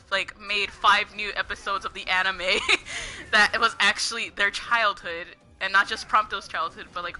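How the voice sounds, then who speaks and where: Giggly bright-voiced young woman ranting. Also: mid-range voice. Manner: giggly, heavy use of "like", ranting. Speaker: gaming streamer. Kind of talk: casual gameplay commentary, rambling.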